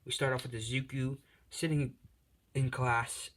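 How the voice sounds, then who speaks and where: A man's voice: medium pitch, level tone, measured pace, fairly bright tone. Male host, casual improvised storytelling, rambling, self-deprecating, heavy on fillers. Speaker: channel host telling a fan story.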